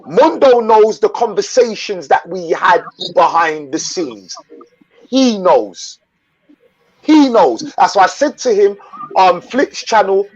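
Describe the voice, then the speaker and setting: A high-voiced man rants straight to camera, blunt and full of swearing, hammering the same points again and again. The sound is dull and muffled. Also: very animated, slow. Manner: blunt and profane, repeating himself. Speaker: channel host. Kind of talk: angry vlog rant.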